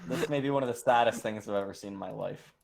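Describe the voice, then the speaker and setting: A man's voice: fairly low pitch, quick pace, creaky. A man chatting on a casual podcast, making laid-back, dry remarks.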